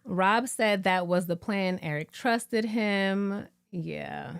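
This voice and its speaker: A woman hosting a casual live recap chat, animated and playfully mimicking the people she talks about. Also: medium pitch, slow, gravelly, smooth, dry recording, studio quality. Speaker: host.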